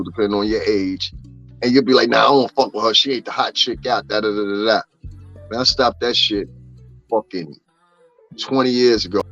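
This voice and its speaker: A man's voice: fairly low pitch, fairly bright tone. Profane joking man on a livestream. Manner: profane, joking, talks to chat. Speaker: gossip livestream host. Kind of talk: casual livestream commentary. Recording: slightly dull, faint music behind.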